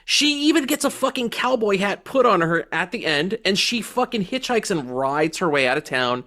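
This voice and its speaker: A man's voice: high-pitched, big pitch swings, moderate pace, sharp tone. A man co-hosting a movie review podcast, talking in a loose, profane, jokey way and acting out quotes from the film. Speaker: podcast co-host. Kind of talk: casual movie review chat.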